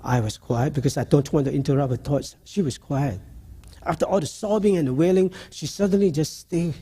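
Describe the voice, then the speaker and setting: A man preaching a sermon, telling a story in a halting, earnest way. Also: fairly high pitch, warm tone, husky.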